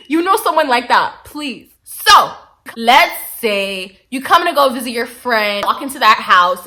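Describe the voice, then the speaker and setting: A young adult woman giving casual dating advice to camera, animated and slangy, emphatic, often laughing as she talks. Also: medium pitch.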